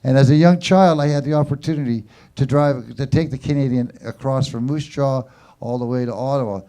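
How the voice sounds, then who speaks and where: A man's voice: medium pitch, fairly quick, warm tone. A man emceeing an open mic, telling a rambling story and then introducing the next performer heartily. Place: small showroom stage.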